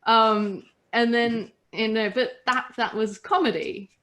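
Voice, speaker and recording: A woman's voice: fairly high pitch, steady tone, takes it slowly, fairly bright tone. An Australian woman chatting casually with friends as a podcast host, telling stories and laughing between them. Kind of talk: casual group chat.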